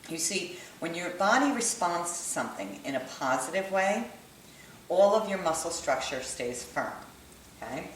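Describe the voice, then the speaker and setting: A woman with a low, deep voice teaches in an easygoing, conversational manner, tagging "right?" onto her points. She is recorded from a distance in an echoey room, with a faint hiss of ambience behind her. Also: big pitch swings, normal speed. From United States. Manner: conversational, checks in with "right?" and "okay?". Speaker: holistic kinesiology teacher. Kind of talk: explanatory lesson to camera.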